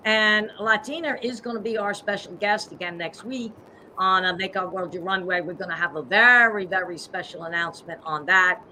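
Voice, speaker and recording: A woman's voice: mid-range voice, pushed and bright, a little hiss or hum. A woman hosting a live-streamed show over a video call, upbeat and promotional. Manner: upbeat, promotional, spells out web addresses slowly. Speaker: host and pageant CEO.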